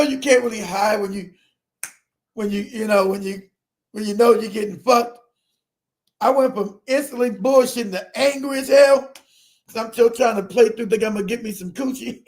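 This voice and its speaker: High-voiced animated storyteller, profane and laughing. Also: male voice, gravelly. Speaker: streamer telling a personal story. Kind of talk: casual storytelling.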